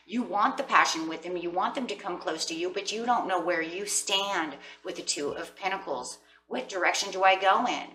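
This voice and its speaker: A woman's voice: fairly low pitch, moderate pace, few pauses, reverberant, far from the mic, noisy background. A woman giving a casual tarot reading, talking to her viewers in a chatty, rambling way. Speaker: tarot reader.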